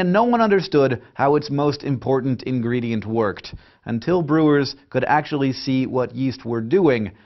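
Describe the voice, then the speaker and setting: A man hosting a science lesson, delivering scripted narration in an energetic, playful, emphatic way. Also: mid-range voice, muffled recording. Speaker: science educator host.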